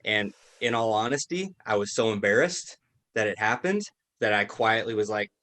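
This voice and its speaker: A man's voice: on the low side, animated, normal speed, fairly bright tone. A man talking as a podcast guest, telling his stories in an easygoing, self-deprecating way. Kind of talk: casual chat.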